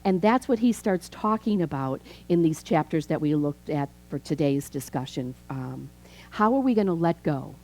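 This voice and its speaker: A woman in her fifties, a minister from Chicago, gives an expressive, chatty sermon at a moderate pace, with a low, darkish voice. She tells stories and acts out dialogue, and the audio is poor.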